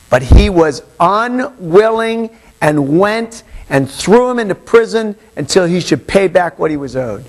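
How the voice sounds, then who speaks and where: A male pastor preaching in an animated way, slipping into the voices of the story he tells. His voice sits high and swings widely. There is a gravelly edge to it. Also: a little slow, low-quality recording. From Hawaii. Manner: animated, acts out the parable's voices. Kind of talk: sermon. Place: church.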